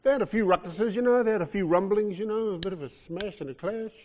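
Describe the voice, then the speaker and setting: New Zealand male preacher, fairly high voice, lively and joking, dull muffled sound. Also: fast talker, in a large hall, slight background noise. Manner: animated, jokey, swings from loud to soft. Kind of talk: sermon. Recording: lo-fi muffled recording.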